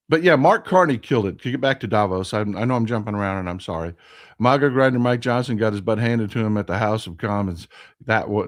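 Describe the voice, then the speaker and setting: A man's voice: fairly low pitch, expressive, brisk. A man hosting a casual political livestream, talking in a rambling, impassioned, folksy way. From Texas. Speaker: live stream host.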